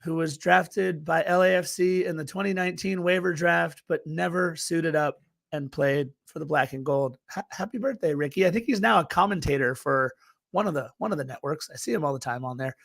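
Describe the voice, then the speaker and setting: A man with a high voice co-hosts a soccer fan podcast. He talks in a casual, excitable way and shouts out listeners in the chat. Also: a little fast, vocal fry. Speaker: podcast co-host.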